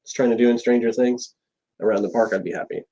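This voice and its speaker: A man's voice: mid-range voice, steady tone, fast talker, dark tone, rough recording. A man from central Florida co-hosting a casual live chat, rambling and restarting his sentences, with a stuffed-up nose. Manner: rambling, starts over mid-sentence. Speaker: co-host of a live chat stream.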